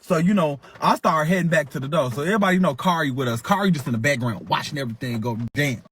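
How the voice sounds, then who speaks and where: A man's voice: fairly high pitch, quick pace, a little hiss or hum. A man hosting a livestream, telling a fight story in casual, profane slang and acting it out with sound effects. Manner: animated, sound-effect-heavy retelling. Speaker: livestream host.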